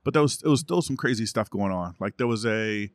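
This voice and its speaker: Podcast guest, male, low voice, easygoing storyteller, dry sound. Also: lively intonation, fairly quick, no room sound. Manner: laid-back storyteller, says "you know" and "like" often. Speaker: podcast guest, competitive shooting coach. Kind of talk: casual chat.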